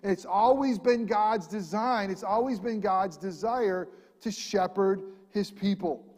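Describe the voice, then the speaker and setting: A man preaching a sermon, animated, swinging between loud emphatic lines and quiet ones. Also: high voice, measured pace, in a large hall. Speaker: pastor.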